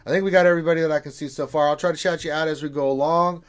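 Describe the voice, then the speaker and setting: A man's voice: fairly high pitch, steady tone, rapid-fire, clear, resonant tone. A man hosting a casual gaming livestream, reading out viewer messages with jokey asides. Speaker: stream host reading chat.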